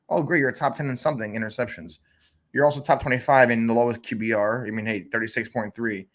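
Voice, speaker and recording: A man co-hosting a fantasy football show, ranting in an animated, exasperated way with big jumps in pitch. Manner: exasperated, uses cooking metaphors. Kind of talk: animated sports chat.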